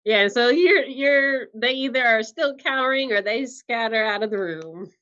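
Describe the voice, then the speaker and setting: A woman's voice: on the high side, normal speed, bright, forceful tone, highs cut off. A woman narrating as game master in a tabletop role-play stream, also speaking for non-player figures.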